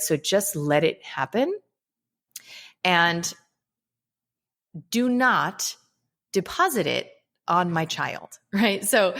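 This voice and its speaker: Woman, interview guest and author, earnest and reflective, slightly low voice. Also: a bit bright. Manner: earnest, frequent "you know" and "right?" asides. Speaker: guest, holistic psychiatrist and author. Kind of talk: casual reflective interview talk.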